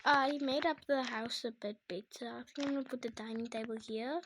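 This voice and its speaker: A woman's voice: on the high side, fairly even intonation, fairly quick, noisy background. A young female speaker rambling hesitantly while narrating a home-building game, with many restarts. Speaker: gameplay video maker. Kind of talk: casual gameplay narration with role-play.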